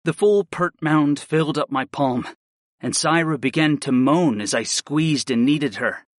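A man reading a first-person story aloud in a steady, measured narration style. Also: a little high, dry recording, clean studio sound. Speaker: audiobook narrator.

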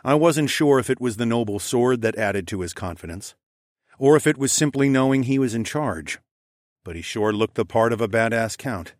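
A man's voice: medium pitch, animated, normal speed, no room sound, clean studio sound. A man narrating a fantasy audiobook in the first person, conversational and wry with casual swearing.

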